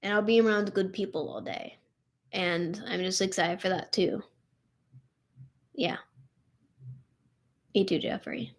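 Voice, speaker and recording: A woman's voice: medium pitch, measured pace, long pauses. Tired, emotional young woman streaming. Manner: emotional, tired, heavy use of "like" and "literally". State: tired and upset. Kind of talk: casual live stream chat.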